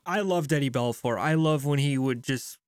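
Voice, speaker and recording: A man co-hosting a casual podcast, telling stories in an animated way and quick to laugh. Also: medium pitch, clean tone, no echo, studio quality. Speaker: podcast co-host. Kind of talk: casual hockey podcast chat.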